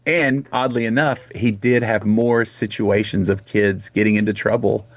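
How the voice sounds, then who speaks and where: A middle-aged man with a lowish voice tells a story as a radio guest, wandering and restarting as he goes. The sound is dry and close. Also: fairly even intonation, normal speed, no echo. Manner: rambling, retells conversations in quotes. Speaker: guest, singer. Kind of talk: casual interview storytelling.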